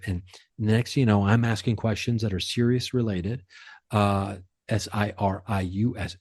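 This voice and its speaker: Male podcast host and comedian, low voice, excitable storyteller, dry close sound. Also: dry recording. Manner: excitable, animated retelling with quick bursts. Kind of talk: casual storytelling.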